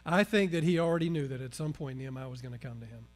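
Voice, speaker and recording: A man preaching a sermon. He swings between loud emphasis and hushed, earnest passages. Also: medium pitch, rapid-fire. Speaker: pastor.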